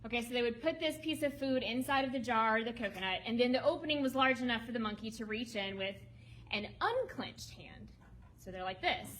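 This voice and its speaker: Lively woman speaker with a high voice. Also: rough recording. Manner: lively and emotional, prompts the audience to respond. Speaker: ministry speaker presenting a women's home. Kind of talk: talk to a seated audience with slides. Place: meeting room with tables.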